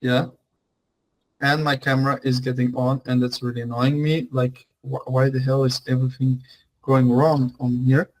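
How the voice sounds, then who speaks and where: A man's voice: medium pitch, level tone, normal speed, low-quality recording. A young man teaching an online language class, talking in a loose, chatty way with many fillers and restarts.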